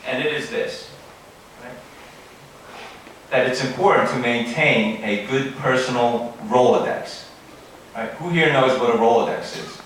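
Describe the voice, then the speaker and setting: This keynote speaker, a man in his forties, talks a little slowly and pauses often, his medium-pitched voice a bit bright. He gives a formal, earnest banquet speech full of advice, asides and self-corrections in a large hall, picked up by a distant mic amid heavy echo, faint room ambience and slight background noise.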